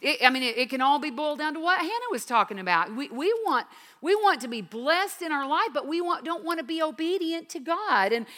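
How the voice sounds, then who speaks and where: Woman, 50s, high bright voice, earnest devotional teacher, reverberant hall. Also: expressive, fairly quick. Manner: earnest, emphatic, swings from quiet to intense. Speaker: Bible teacher.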